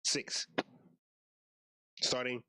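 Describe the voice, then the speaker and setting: A man's voice: drawn-out words, bright, forceful tone, no echo, clean studio sound. A young man doing casual reaction commentary in a slangy, laid-back way, mostly talking to himself. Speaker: YouTuber.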